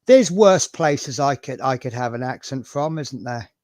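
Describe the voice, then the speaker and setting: Speaking a little slowly in an expressive, medium-pitched, darkish voice, a Norfolk-accented stream host rambles through casual chat with self-deprecating humor. He's from Norfolk, England, and there's no echo on the audio.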